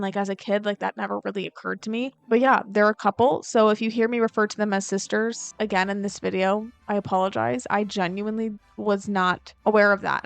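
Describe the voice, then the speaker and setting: A woman's voice: medium pitch, gravelly, smooth, no room sound. A woman vlogger giving casual gameplay commentary, chatty and thinking aloud with frequent filler words. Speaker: game building vlogger.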